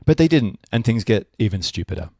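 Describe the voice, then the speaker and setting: A man's voice: on the low side, a little fast, breathy edge, no room sound, studio quality. Sarcastic man telling history. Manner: sarcastic, deadpan asides. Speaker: history storyteller. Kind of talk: comedic history narration.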